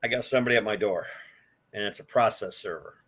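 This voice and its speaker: A man's voice: on the low side, fast talker, very noisy. Older man telling stories, loose and rambling. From Detroit, USA. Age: 60s. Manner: rambling, with many fillers and restarts. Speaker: guest, collector. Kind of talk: casual storytelling.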